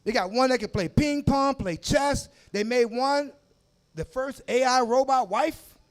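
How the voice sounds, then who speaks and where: A man in his forties doing a crude, animated stand-up set on a comedy club stage, shouting his punchlines into a handheld mic. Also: very high voice, measured pace. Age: 40s. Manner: loud, crude, animated storytelling with shouted asides.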